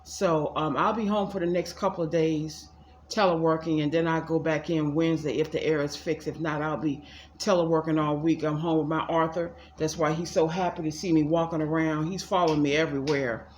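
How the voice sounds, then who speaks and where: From her home, a psychic tarot reader from the DC area rambles through a casual reading, calling her viewers y'all and chatting away while repeating the same words. Her voice is deep yet described as mid-range, a little fast with fairly even intonation, heard with noticeable room echo and a faint background hum.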